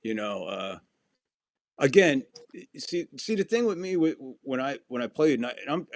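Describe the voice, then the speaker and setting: A podcast host with a medium-pitched voice speaks at a moderate pace in clean studio audio with no room sound. His casual stories come loaded with swearing and acted-out quotes.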